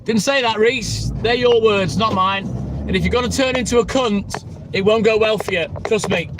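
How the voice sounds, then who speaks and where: A man's voice: sits high, moderate pace, background noise. A man in his late thirties, live streaming, greeting viewers and bluntly swearing at a heckler. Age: 30s. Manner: blunt, heavy swearing, trash-talks viewers. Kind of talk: casual live stream chat.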